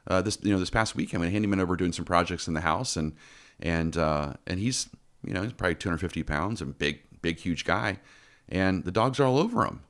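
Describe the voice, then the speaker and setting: A man's voice: low-pitched, expressive, quick pace, fairly bright tone. A middle-aged man hosting a casual podcast chat, telling stories with many restarts and repeated words. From Texas. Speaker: podcast host.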